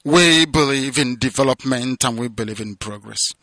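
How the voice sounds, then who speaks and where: A man with a Nigerian accent giving an impassioned radio address, declaiming with loud peaks that drop to low, hushed passages. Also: moderate pace, dry recording. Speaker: movement leader giving a radio broadcast.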